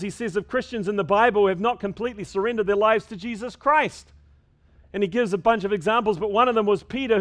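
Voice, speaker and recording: A middle-aged man preaching a sermon, emphatic, with stammered restarts and quick asides. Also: sits high, a bit bright.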